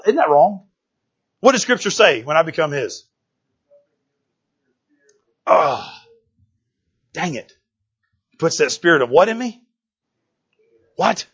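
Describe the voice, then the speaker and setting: A man's voice: fairly high pitch, fairly bright tone, husky, lo-fi sound. A man preaching a casual sermon in a church, talking in a folksy, joking way and often asking "right?". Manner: conversational, keeps asking "right?".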